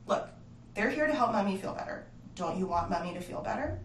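A young dad, gentle and reassuring but distracted, talks softly to his little boy, as a woman narrator reads his lines. The sound is roomy and a bit distant, with faint ambience. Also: medium pitch, animated, a little fast, a little hiss or hum, close to an everyday voice. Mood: soothing.

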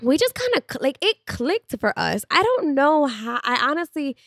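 A woman's voice: high voice, sing-song, normal speed, a bit bright, no echo. Casting: young woman, candid chatty podcast co-host, close dry mic. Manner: candid, chatty, laughs often. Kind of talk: casual chat.

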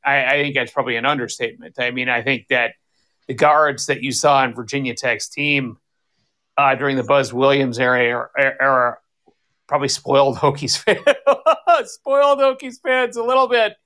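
A man's voice: medium pitch, level tone, moderate pace, sharp tone. A man co-hosting a sports podcast, talking in a rambling, casual way with many restarts and self-corrections. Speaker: podcast co-host.

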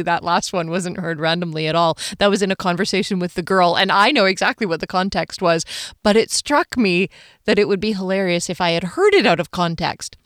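A woman's voice: fairly low pitch, a bit bright, no echo, studio quality. A woman chatting casually with listeners and then reading her own novel aloud. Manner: chatty and amused, laughs easily. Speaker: author and podcast narrator.

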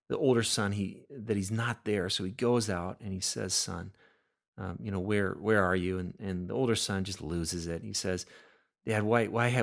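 Earnest man preaching a sermon. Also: fairly low pitch. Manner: earnest, repeats words when building a point. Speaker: pastor.

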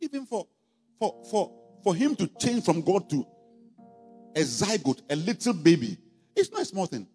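Pastor man preaching, high voice swinging all over, keeps repeating himself and works up to shouting, big echoey church hall. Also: wildly swooping pitch, moderate pace, pauses often, husky. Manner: emphatic, repetitive, building to shouts. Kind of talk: sermon. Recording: long hall reverb, faint music.

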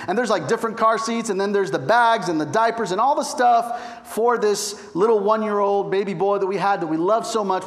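A middle-aged male pastor telling a personal story in a sermon, chatty and animated, with frequent asides to the listeners. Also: high voice.

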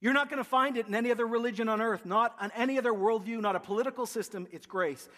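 A pastor delivers a sermon to his congregation in a high, sharp voice, stacking phrases into emphatic, rhythmic lists. He breaks off for quick asides, then drives on. The sound trails away into the long reverb of a large hall.

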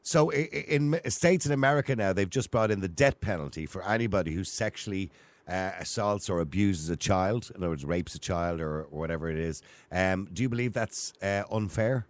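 Low fast-talking male radio host. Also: lively intonation, no echo. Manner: brisk, interjecting. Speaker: radio talk show host. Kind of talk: moderating a call-in debate.

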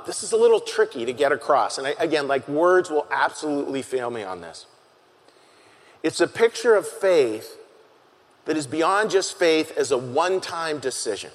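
A man preaching a sermon as pastor, earnest and halting, often repeating his key phrases for emphasis. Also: fairly high pitch. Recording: long hall reverb.

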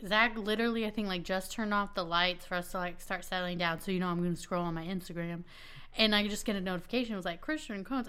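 Bright, crisp-voiced woman podcast co-host. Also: medium pitch. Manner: animated storytelling, laughs and swears often. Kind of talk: casual chat.

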